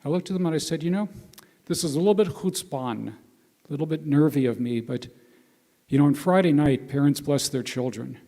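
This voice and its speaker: A man's voice: a little high, a little fast. A man, telling anecdotes from a volunteer mission to a congregation and acting out the quotes. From United States. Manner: warm anecdotal storytelling with acted quotes. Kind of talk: storytelling to a congregation. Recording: hall reverb.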